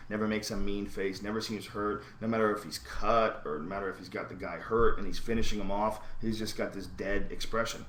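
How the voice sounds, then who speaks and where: Podcast host, male, low voice, hard-swearing and emphatic, recorded in a roomy space with faint background ambience. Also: a little hiss or hum. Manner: intense, profane, emphatic, swings between shouting and low asides. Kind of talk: profane animated podcast rant.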